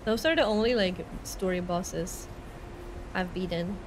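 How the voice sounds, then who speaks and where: Woman, Swedish accent, Swedish native speaker, playful, sarcastic, game stream chat, clear background noise. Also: lowish voice, unhurried. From Sweden. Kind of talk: live gameplay commentary.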